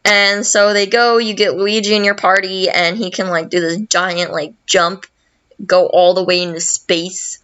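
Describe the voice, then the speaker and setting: A woman's voice: on the low side, little pitch movement, a bit bright, smooth, muffled recording. A young woman hosting a podcast, retelling a story casually in a rambling way, with a lot of swearing and fillers. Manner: slow and rambling, heavy swearing, many fillers. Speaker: podcast host.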